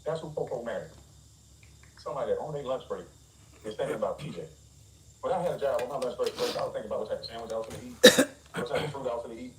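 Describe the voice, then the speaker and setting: A man's voice: medium pitch, rapid-fire, pauses often, a bit bright, far from the mic, a little hiss or hum. A man ranting in a blunt, mocking, dismissive way, with scornful laughs. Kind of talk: ranting commentary. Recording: roomy, off-mic.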